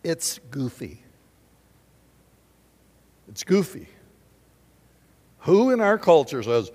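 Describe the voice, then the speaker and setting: A man's voice: on the high side, very animated, drawn-out words, long pauses, mellow. A man preaching a sermon to a congregation in an emphatic, conversational way, with sudden rising bursts. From United States. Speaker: pastor. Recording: reverberant hall.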